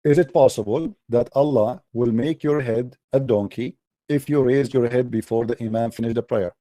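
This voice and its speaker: A man's voice: medium pitch, moderate pace, dark tone, no echo. A man hosting a heated debate, insistent and repeating himself as he talks over the other speaker. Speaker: show host debating a caller.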